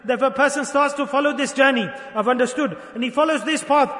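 High-voiced man preaching in an echoey hall. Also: fast, few pauses, fairly bright tone. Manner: emphatic, urging, repeats phrases. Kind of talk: sermon.

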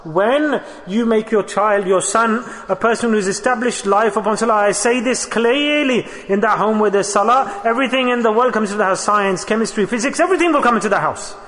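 High-voiced preacher in a reverberant hall. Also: male voice, a little fast, few pauses, fairly bright tone. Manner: emphatic, repeats phrases, mixes Arabic and Urdu terms. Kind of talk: sermon.

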